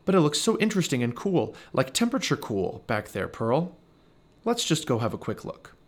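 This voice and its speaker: A man voicing an excitable, adventurous male squirrel in a read-aloud storybook, eager and bouncy. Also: mid-range voice, normal speed. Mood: excited.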